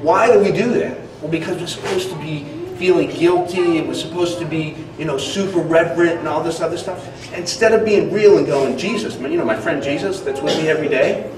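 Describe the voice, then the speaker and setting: A man's voice: fairly high pitch, brisk, few pauses, darkish tone, a little hiss or hum. A man pastor preaching a sermon in a casual, conversational way, with frequent fillers. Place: church hall. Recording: echoey hall, distant mic.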